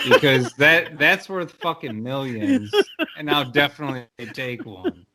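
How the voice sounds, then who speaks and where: A man's voice: a little high, unhurried, hardly any pauses, pushed and bright. A man co-hosting a podcast in casual, blunt, profane chat that rambles along. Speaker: podcast co-host.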